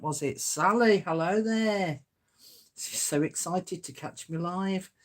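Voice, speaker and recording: A woman, hosting a crafting livestream in a homely, chatty way and greeting viewers by name. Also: low voice. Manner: chatty, homely, reads out and chuckles at comments. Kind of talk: casual live-stream chat greeting viewers.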